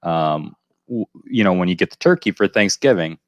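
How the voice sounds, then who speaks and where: A man with a very low voice chats casually as a podcast co-host, spinning rambling anecdotes and dry puns. The sound is close and dead, with no room around it. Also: lively intonation, moderate pace, no echo, muffled recording. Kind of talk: casual chat.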